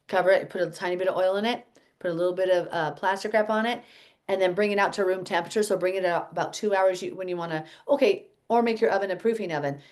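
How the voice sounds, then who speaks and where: A woman's voice: lowish voice, a little mellow. A woman leading a casual health teaching chat for her fellowship group, rambling and correcting herself as she goes. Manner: rambling, self-correcting, chatty.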